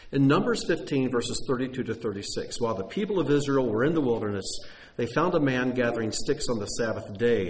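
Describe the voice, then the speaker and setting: A middle-aged man preaching a sermon in an earnest teaching tone, restarting phrases and rising in pitch on key points. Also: poor audio.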